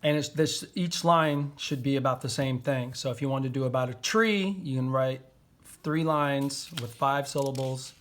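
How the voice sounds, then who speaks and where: A man's voice: medium pitch, moderate pace, fairly bright tone. A man teaching a poetry lesson to young children, patiently sounding out words and syllables.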